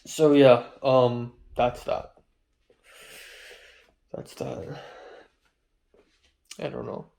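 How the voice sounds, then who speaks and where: Young man, casual vlog chat, rambling, off-hand, lots of ums, mid-pitched voice. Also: little pitch movement, extremely slow, gravelly, long pauses, dark tone, slight background noise. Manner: rambling, filler-heavy, off-hand. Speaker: vlogger. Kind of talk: casual diary-style chat.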